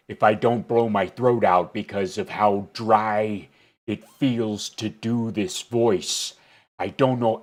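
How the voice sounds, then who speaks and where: A man putting on the voice of a gruff middle-aged ex-wrestler politician, speaking in a dry, throaty, slow drawl. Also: fairly low pitch. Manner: slow, drawling, deliberate delivery.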